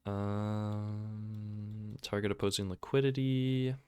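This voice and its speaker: A man hosting a trading video, talking over his screen in a casual, excitable and sarcastic, self-mocking way. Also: fairly low pitch, slow, clear, resonant tone, no echo. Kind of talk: casual screen-recorded commentary.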